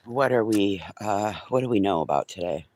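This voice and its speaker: Man, low voice, casual rambling live chat, talks to viewers and pets. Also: lively intonation, moderate pace, a little mellow, a little hiss or hum. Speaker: vlogger.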